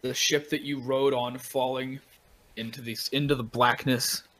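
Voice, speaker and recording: A man's voice: mid-range voice, little pitch movement, normal speed, fairly bright tone, low-quality recording. A man running a tabletop game as game master, narrating scenes to his players.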